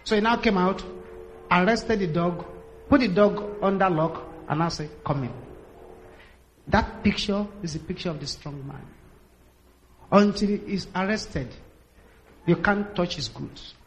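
High-voiced male preacher telling stories. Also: unhurried, pauses often, a little hiss or hum. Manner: dramatic storytelling, acts out quotes, builds to shouted prayer. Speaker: pastor. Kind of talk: sermon.

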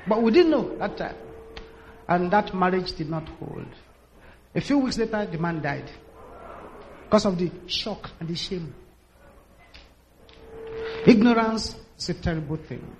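A man's voice: sits high, expressive, a little slow, long pauses, a little hiss or hum. A man preaching a sermon, telling stories with drama and acting out the voices of the people in them. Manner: dramatic storytelling, acts out quotes, builds to shouted prayer. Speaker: pastor.

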